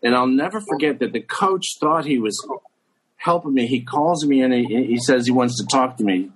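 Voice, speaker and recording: A man's voice: medium pitch, expressive, moderate pace, slight background noise, rough recording. A man of thirty-nine telling funny, self-mocking stories from his youth in casual chat, swearing freely. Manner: profane, self-mocking storyteller.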